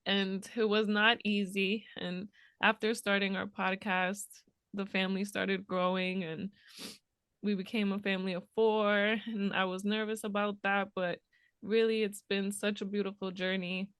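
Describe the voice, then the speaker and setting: Woman in her 30s, co-host, teary and giggly, mid pitch, dry close mic. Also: little pitch movement, moderate pace, fairly bright tone, clear, resonant tone, no room sound. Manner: emotional, laughs through tears. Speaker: podcast co-host, mother. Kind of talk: casual heartfelt chat.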